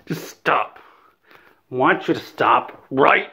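A man's voice: medium pitch, expressive, takes it slowly, vocal fry, pushed and bright. A man delivering a satirical, mock-outraged rant in an exaggerated, whiny way. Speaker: comedy video creator.

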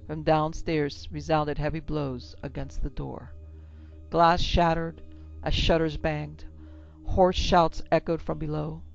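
A woman narrating a horror story in a steady, dramatic storytelling manner. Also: deep voice, slow pace, vocal fry. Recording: dull lo-fi with faint music.

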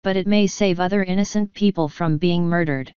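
A woman reading an audiobook, voicing a thoughtful male detective who speaks dryly and gravely. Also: lowish voice, fairly quick, a little mellow, no room sound, muffled recording, close to an everyday voice. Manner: dry, grave.

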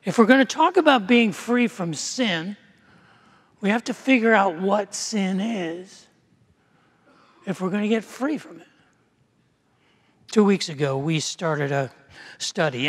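A man's voice: high voice, a bit bright. A male pastor preaching a sermon in a conversational storytelling way, with frequent restarts. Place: church sanctuary. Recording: long church reverb.

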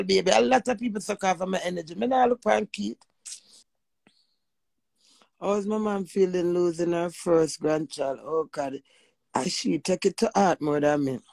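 A woman's voice: on the low side, vocal fry, darkish tone, dry recording. A woman hosting a live chat, talking emotionally and praying in an emphatic, preacherly way. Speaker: livestream host.

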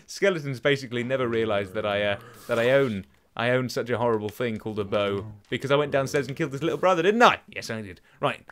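Lively rambling young man gaming. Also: mid-range voice, fairly quick, slight background noise. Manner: rambling, talks to himself and taunts enemies. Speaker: gaming channel host. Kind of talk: let's play commentary. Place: at home. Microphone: desk microphone.

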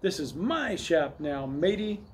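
In a read-aloud storybook, a pushy, playful little boy pipes up high and bright, shouting and teasing as he plays pirate captain, as a man puts him on. His voice leaps up well above an adult's, with a faint hum of room noise underneath. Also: very animated, unhurried. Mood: bossy. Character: cocky boy of seven, pirate-playing brat.

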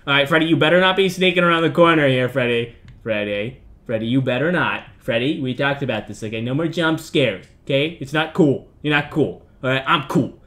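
A man with a medium-pitched, fairly bright voice talks fairly quickly through a horror game let's-play. His commentary rambles and jokes, chatting to himself and the characters, and jumps between mock outrage and mumbled asides.

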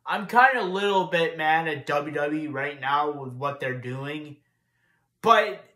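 Pushed and bright, on the high side: that's the voice of a young man venting about wrestling news. His recap is casual, profane and frustrated, going over the same points again and again, recorded in an echoey space.

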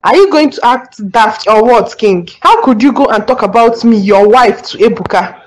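A woman's voice: on the high side, animated, moderate pace, close to an everyday voice, low-quality recording. A woman voicing a wife who insistently confronts her husband in a cartoon drama. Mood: accusing. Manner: accusing, insistent. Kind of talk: cartoon dub acting.

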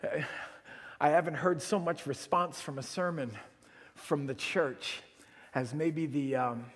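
A man preaching a sermon as pastor, telling a story in an animated way and acting out the quotes. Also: a little high, unhurried. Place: church sanctuary. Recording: long church reverb.

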